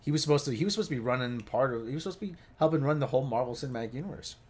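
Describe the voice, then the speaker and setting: A man's voice: mid-range voice, racing, darkish tone, husky. A man hosting a casual livestream chat, rambling with many restarts and asides. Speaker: livestream host.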